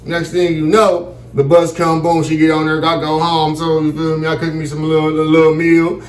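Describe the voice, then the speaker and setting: A man's voice: a little high, monotone, a little fast, echoey room. A man telling a comic story casually, profane and loose, often asking "you feel me". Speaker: comedic storyteller.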